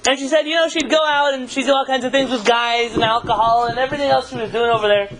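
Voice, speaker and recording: Chatty rabbi telling stories to a crowd. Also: male voice, extremely high pitch, fairly even intonation, fast, rough recording. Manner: conversational storytelling with questions to the audience. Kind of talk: live talk to an audience.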